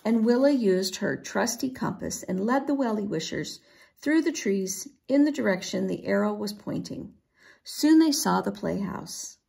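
A woman reading a children's chapter book aloud, expressive and unhurried. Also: medium pitch, vocal fry. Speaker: storybook reader. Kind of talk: children's read-aloud narration.

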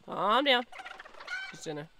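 A young woman streaming a game, chatting casually, giggling and calling out excitedly to the animals in the game. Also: mid-range voice, a little slow, creaky, slight background noise. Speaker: gaming streamer. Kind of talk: casual gameplay commentary.

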